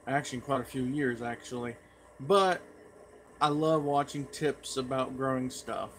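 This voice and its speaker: A man's voice: mid-range voice, unhurried, a bit bright, slight background noise. A man chatting in a folksy, rambling way as a pipe tobacco vlogger. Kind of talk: casual rambling vlog.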